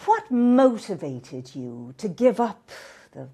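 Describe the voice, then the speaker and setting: A woman's voice: mid-range voice, sing-song, slow, mellow, husky, exaggerated voice. A comedian playing a beleaguered female talk show host who keeps up formal presenter patter and stammers when caught off guard. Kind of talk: stand-up character comedy.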